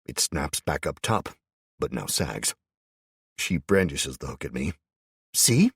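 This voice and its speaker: A man's voice: extremely low pitch, animated, unhurried, fairly bright tone, husky, no room sound, clean studio sound. A man narrating a first-person audiobook in a tense, wry manner.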